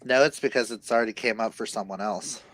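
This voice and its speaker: A man's voice: medium pitch, quick pace, fairly bright tone, slight background noise, low-quality recording. Man giving playful oracle card readings. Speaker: co-host reading oracle cards. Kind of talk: casual live-stream chat.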